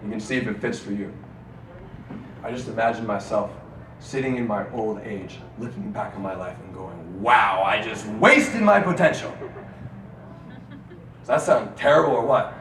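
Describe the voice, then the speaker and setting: A man giving an inspirational speech to a live audience in a student lounge, rousing the crowd into call-and-response chants and swinging between loud and hushed delivery. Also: fairly low pitch, normal speed. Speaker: motivational speaker. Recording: roomy, distant mic, audience and room noise.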